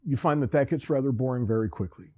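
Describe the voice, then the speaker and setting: A man's voice: mid-range voice, quick pace, warm tone. A man hosting a podcast, telling a rambling, self-deprecating story in a casual, wry way. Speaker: podcast host.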